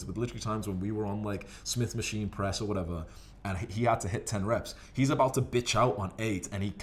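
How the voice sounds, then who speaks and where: A man casually telling gym stories to camera in a profane, rambling, animated way. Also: fairly low pitch. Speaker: fitness vlogger.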